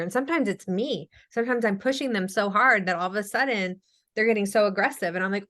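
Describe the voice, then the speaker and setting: A woman's voice: mid-range voice, brisk, sharp tone. Woman speech therapist chatting in a webinar, lots of ums, acts out little quotes. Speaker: speech-language pathologist guest. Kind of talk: casual webinar Q&A.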